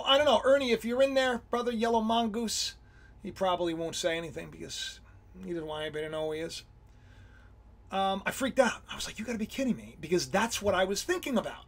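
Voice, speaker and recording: Male livestream host with a high, husky voice. Rambling and excitable, keeps breaking off mid-sentence. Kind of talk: casual livestream talk on Bible symbolism.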